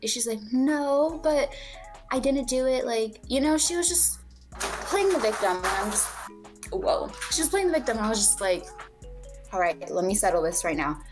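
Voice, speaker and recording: Brisk and full of big pitch swings, this young woman's medium-pitched voice comes over background music. As a podcast co-host, she tells a personal story candidly, cursing freely and performing the quoted dialogue.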